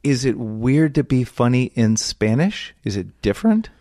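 A man of about fifty hosting an interview podcast. His questions wander and restart as his enthusiasm runs ahead. He is casual and quick to laugh. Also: mid-range voice, very animated, warm tone. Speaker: podcast host.

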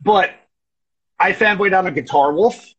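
A man with a high, husky voice talks loosely in casual chat. He strings stories together and acts out animated quotes. The recording sounds dull and lo-fi. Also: a little slow. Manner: rambling storyteller, animated quotes. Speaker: guest.

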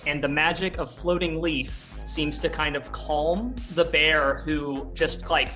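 A man's voice: on the high side, bright, forceful tone. A man narrating a tabletop role-playing game as game master, rambling with many fillers and restarts.

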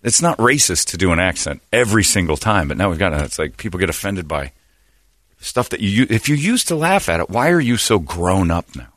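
A man's voice: low-pitched, sing-song, brisk, fairly bright tone, no room sound. A man hosting a radio show, talking in blunt, opinionated studio banter.

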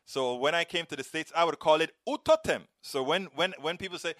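A middle-aged man from Panama with a Panamanian Spanish accent, hosting a live stream and reading viewer comments, rolling his R's in a lively, expressive way. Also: on the high side, a little fast, no room sound, studio quality.

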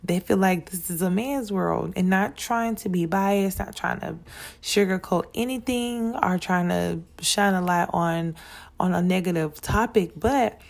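Woman, podcast host, casual talk, low voice, gravelly, repeats herself. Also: unhurried. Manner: chatty, repeats words and restarts, addresses listeners as y'all. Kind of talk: casual monologue.

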